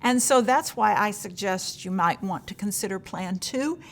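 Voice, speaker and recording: A woman's voice: medium pitch, lively intonation, normal speed. A woman leading a teacher-training session, giving practical advice in a conversational way, with frequent fillers and acted-out questions from teachers.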